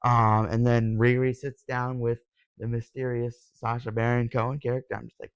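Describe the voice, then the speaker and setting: A young man giving a casual, excitable review as a video host, gushing and sometimes yelling. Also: mid-range voice, normal speed, clear, resonant tone, no room sound, dull audio. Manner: excitable, gushing, yells when thrilled. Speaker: YouTube reviewer.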